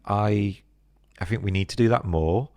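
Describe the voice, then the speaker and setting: A middle-aged man with a British accent talks through a relaxed interview. His voice is very deep with a gravelly edge, and he slips into playful impressions of other people as he tells his stories. The recording is dry and close. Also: normal speed, no echo. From Britain. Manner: animated, acts out voices of others mid-story. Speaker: podcast guest, business co-founder. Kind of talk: casual interview chat.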